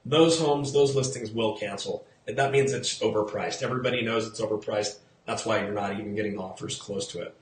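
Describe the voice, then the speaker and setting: A man's voice: lowish voice, brisk, few pauses, roomy sound. Chatty man hosting a live real estate show. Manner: chatty, repeats key figures, quizzes and greets viewers. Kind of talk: live-streamed market talk. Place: outdoors in the sun.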